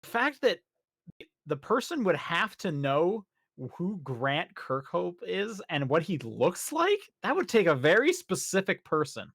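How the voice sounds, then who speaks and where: A man's voice: sits high, unhurried, no room sound. Casual man hosting a dry-sounding podcast. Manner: relaxed, rambling with fillers and restarts. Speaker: podcast host. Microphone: podcast microphone.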